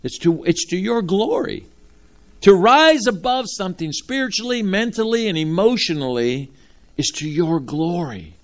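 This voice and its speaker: A man preaching a sermon from Ohio, animated and folksy, calling out to his congregation. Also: high-pitched, normal speed. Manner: animated, talks straight to the congregation with folksy asides. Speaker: pastor.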